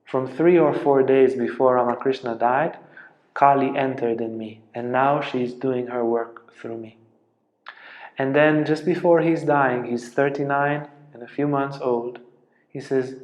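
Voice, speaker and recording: A man giving a spiritual lecture as a teacher, telling stories earnestly and dropping to a soft hush at tender moments. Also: mid-range voice, steady tone, a little slow, highs cut off. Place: ashram lecture room. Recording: roomy, echoey lecture room.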